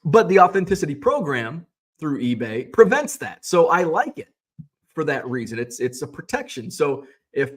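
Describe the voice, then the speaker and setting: A middle-aged man with a fairly high voice hosts a relaxed livestream, chatting with viewers about selling cards. He rants in a sarcastic, profane way and rambles, restarting his sentences as he goes. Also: normal speed, husky. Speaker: host of a sports card selling livestream. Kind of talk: casual livestream chat, reading viewer comments.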